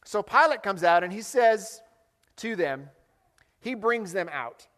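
Male pastor, high-pitched, animated preaching, echoing church hall. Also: a little slow. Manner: animated, acts out quoted lines. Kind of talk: sermon.

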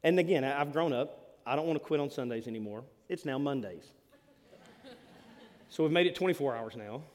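A man preaching a sermon as a church pastor, animated and self-deprecating. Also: medium pitch, fairly quick. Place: church sanctuary. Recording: long reverb of a church hall.

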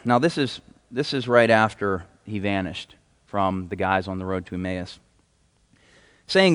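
A man's voice: low-pitched, animated, unhurried, a bit bright, clear, resonant tone. A man preaching a sermon as a pastor in a casual, enthusiastic way, reading scripture aloud. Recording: hall reverb.

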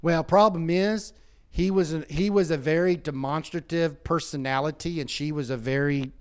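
A man's voice: a little high, steady tone, moderate pace, clear, resonant tone. Heated, emphatic pastor man. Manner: heated, emphatic, with frequent restarts and laughs. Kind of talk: casual conversational teaching.

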